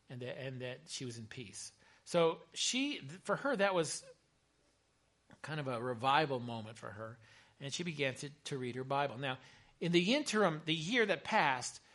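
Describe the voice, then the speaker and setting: A man, a chaplain, telling a story in a sermon, earnest and repeating words as he builds to bursts of excitement. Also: mid-range voice. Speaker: chaplain preaching.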